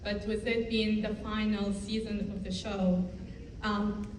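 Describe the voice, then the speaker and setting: A woman's voice: medium pitch, little pitch movement, unhurried, noisy background. A woman from the audience politely asking a panel question, hesitating with ums. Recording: echoey hall, distant mic.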